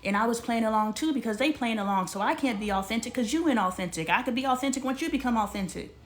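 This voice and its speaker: A woman's voice: a little high, animated, quick pace. A middle-aged woman, speaking bluntly and emphatically about family in a personal vlog. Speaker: vlogger. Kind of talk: candid personal talk to camera.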